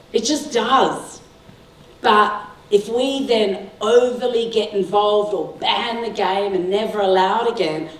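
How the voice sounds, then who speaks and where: A middle-aged woman giving a talk to parents, telling stories with frequent laughs and "right?" to the audience. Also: mid-range voice. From Sri Lanka. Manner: warm storytelling, laughs often, asks the audience "right?". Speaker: guest speaker. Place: school hall. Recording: echoey hall, mic heard from a distance.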